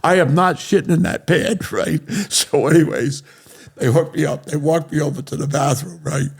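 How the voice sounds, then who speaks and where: A man's voice: on the high side, fairly even intonation, moderate pace, vocal fry, breathy edge. An older man from Rhode Island, a guest on a talk show, telling stories in a blunt, profane way, often asking "right?" and laughing as he goes. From Rhode Island, USA. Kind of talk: casual storytelling.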